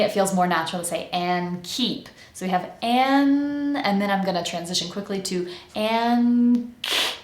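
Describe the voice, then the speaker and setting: A woman's voice: medium pitch, reverberant. An American woman in the role of an accent coach, giving a pronunciation lesson and carefully articulating each sound.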